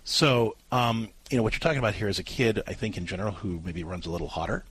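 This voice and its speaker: Low husky man giving parenting advice. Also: quick pace, a bit bright. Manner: explanatory, many restarts and fillers. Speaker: parenting show co-host. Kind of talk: advice show discussion.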